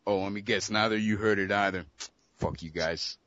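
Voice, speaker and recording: A man's voice: lowish voice, steady tone, moderate pace, fairly bright tone, dry recording, highs cut off. A young man in casual chat with friends about games, brash, profane and opinionated. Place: abroad in Costa Rica.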